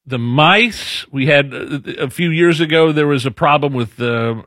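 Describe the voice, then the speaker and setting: A man's voice: on the high side, measured pace, fairly bright tone, no echo. Middle-aged male host, blunt and exclamatory, dry studio sound. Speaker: radio show host. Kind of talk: casual talk radio banter.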